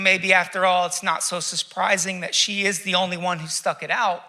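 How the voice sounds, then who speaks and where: Male pastor preaching, high, tense voice, reflective, rhetorical questions, dramatic pauses. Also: level tone, bright, forceful tone. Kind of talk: sermon.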